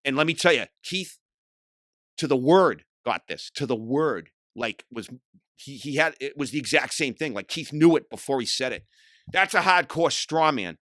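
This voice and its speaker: A middle-aged man, hosting a podcast and telling hardcore scene stories in a profane, animated way. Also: mid-range voice, moderate pace, no room sound, clean studio sound. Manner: profane, animated storytelling, acts out quotes loudly. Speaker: podcast host. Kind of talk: casual storytelling monologue.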